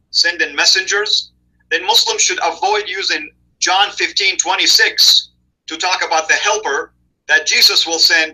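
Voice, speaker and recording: A man's voice: fairly high pitch, pushed and bright, slightly rough, rough recording. A man appearing as a guest on a live discussion, answering questions in an assertive, emphatic way. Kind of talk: apologetics debate talk.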